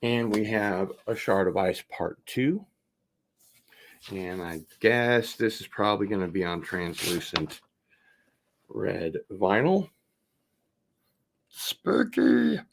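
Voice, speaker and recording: A man's voice: deep voice, slight background noise. A man hosting a casual vinyl record unboxing, chatting as he opens packages and wandering off on tangents. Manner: rambling, drawn-out, talks things over while opening packages. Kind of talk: casual livestream unboxing chat.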